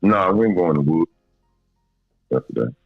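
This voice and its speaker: A man calling in as a dog-training guest, talking in a laid-back, halting, plainspoken way. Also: deep voice, expressive, creaky, dry recording, soft background music. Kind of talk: casual podcast chat. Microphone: phone call. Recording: dull, dry phone line.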